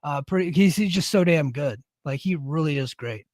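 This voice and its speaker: A podcast co-host chats casually in a slightly high, darkish voice with lively intonation at a moderate pace. He's blunt, opinionated, and swears freely, recorded with studio quality and no room sound.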